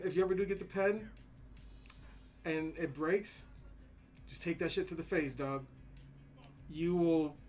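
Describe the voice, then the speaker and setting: A man casually telling rambling, profane, slang-heavy stories while he draws. He mentions having kids to get home to. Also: fairly high pitch. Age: adult with kids. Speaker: streamer. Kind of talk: casual storytelling while drawing.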